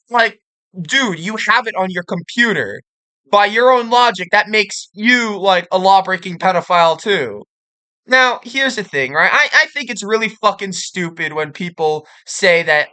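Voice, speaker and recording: Brief: sarcastic woman YouTube ranter, profane and blunt, tense bright tone. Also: medium pitch, animated, normal speed, poor audio. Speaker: commentary video host. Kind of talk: ranting online commentary.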